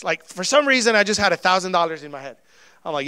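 A male pastor preaching a sermon, telling personal stories in a lively way and acting out the dialogue in them. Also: sits high, quick pace, dry recording. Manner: animated storytelling, acting out quoted dialogue.

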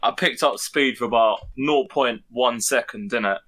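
A young man tells a story in casual podcast chat. His voice sits at an ordinary middle pitch. He is animated and laughs and swears as he goes. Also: normal speed. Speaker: podcast co-host. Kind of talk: casual storytelling among friends.

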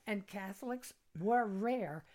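A woman's voice: medium pitch, slow pace, mellow. An older woman from the United States, a podcast guest, telling casual stories in a chatty way and laughing at her own anecdotes. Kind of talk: casual storytelling.

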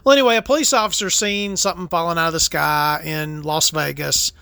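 A woman's voice: deep voice, a little fast, vocal fry, pushed and bright, clear, resonant tone, no room sound. A woman hosting a casual, rambling monologue, talking loosely and swearing freely as she stops to smoke and sip a drink. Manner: rambling, profane, laid-back storytelling; smoking and sipping between topics.

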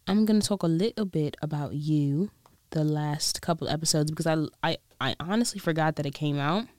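Young woman vlogger doing a put-on british accent, lowish voice, chatty and slangy, dry sound. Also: brisk, dry recording. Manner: chatty and animated, slangy, trailing off into whispered asides. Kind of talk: casual chat recapping TV shows.

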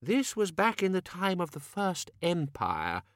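A man's voice: huge pitch swings, a little slow, fairly bright tone, dry recording, studio quality, full character voice. A man voicing a fussy, pedantic older male wizard scholar who reads things out hesitantly. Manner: high, hesitant, bookish.

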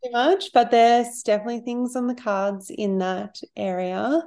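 Gravelly-voiced woman, open and reflective. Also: on the high side, fairly even intonation, moderate pace, warm tone. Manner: open and reflective, light laughs, trailing phrases. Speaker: podcast guest, creative business owner. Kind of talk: casual interview chat.

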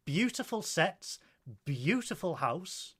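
A man co-hosting a show in casual chat, animated and talkative, reading out viewer comments. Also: high-pitched, takes it slowly, breathy edge. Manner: chatty, animated, reads viewer comments aloud. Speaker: co-host.

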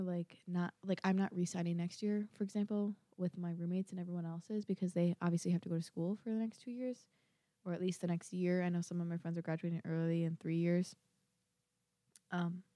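A woman's voice: on the low side, warm tone, dry recording, clean studio sound. A young woman from Minnesota chatting casually about college life, rambling with lots of fillers. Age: young adult. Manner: rambling, filler-heavy, self-deprecating. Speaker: college student vlogger. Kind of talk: casual chat.

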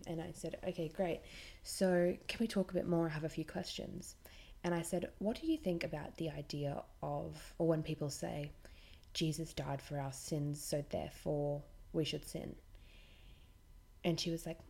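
A woman's voice: deep voice, steady tone, normal speed, creaky, warm tone. A woman, a podcast host telling a story in casual, blunt and irreverent chat, swearing freely.

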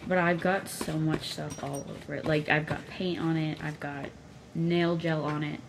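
A woman's voice: sits low, steady tone, moderate pace, creaky, background noise. A young woman chatting casually in a crafting vlog while painting on her bed, rambling, profane and self-mocking, close to the mic. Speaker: vlogger.

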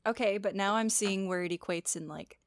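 A woman's voice: mid-range voice, fairly quick, no room sound, clean studio sound. A woman co-hosting a podcast in casual chat, bubbly and talkative, swearing casually. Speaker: podcast co-host.

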